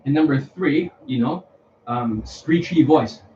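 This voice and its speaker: A man's voice: on the high side, slow, dark tone, highs cut off, a little hiss or hum. A man talking casually to camera as a dating coach, blunt and repetitive, lecturing in a home video. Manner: blunt, repetitive, lecturing, swears under his breath.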